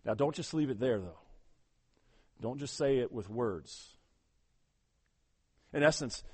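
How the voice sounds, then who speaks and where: A man's voice: medium pitch, normal speed, pauses often, a little mellow. A man preaching a sermon as pastor, urging his congregation on emphatically and often repeating words as he goes.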